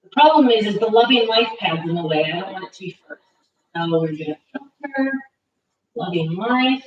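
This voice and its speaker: A woman in her thirties hosting a live craft stream, chatting casually and talking loudly because she has no mic and the cameras are far away. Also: medium pitch, animated, moderate pace, lo-fi sound. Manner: chatty, self-deprecating, talks loudly to reach distant cameras. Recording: distant, unmiked room sound.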